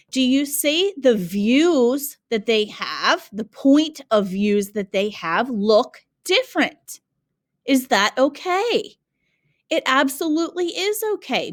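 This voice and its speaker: High-voiced woman teaching a lesson. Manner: clear, patient, questioning students. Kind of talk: classroom lesson narration.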